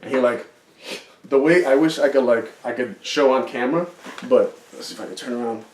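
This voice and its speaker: A man's voice: mid-range voice, brisk. A man, co-hosting a podcast, who tells a rambling story full of fillers and swearing. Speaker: podcast co-host. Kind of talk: casual chat. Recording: roomy, distant mic.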